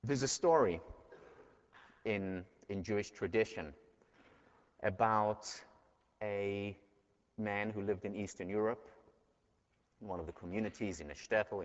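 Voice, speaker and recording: A man giving a university lecture and telling stories in an earnest way, heard in a dull recording from a large lecture hall. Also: fairly low pitch. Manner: earnest, storytelling.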